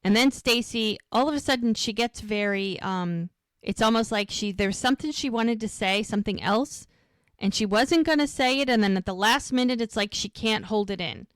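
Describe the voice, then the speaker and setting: A woman's voice: a little high, moderate pace, no echo, clean studio sound. A woman co-hosting a podcast, recapping a TV episode in detail in a casual way. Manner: retells scenes in detail, acting out quoted lines. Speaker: podcast co-host.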